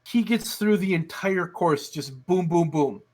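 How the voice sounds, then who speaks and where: A man with a slightly high voice, chatting on a podcast about things he has watched. He tells his stories with a lot of energy and swears freely. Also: a little slow. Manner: animated storyteller, swears a lot. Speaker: podcast co-host. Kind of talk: casual chat.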